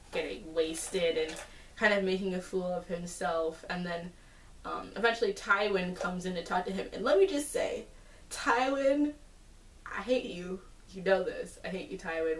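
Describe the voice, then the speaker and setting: A woman giving a casual, chatty episode recap, full of fillers and animated asides. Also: lowish voice, moderate pace. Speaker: TV episode reviewer. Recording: roomy, distant from the mic.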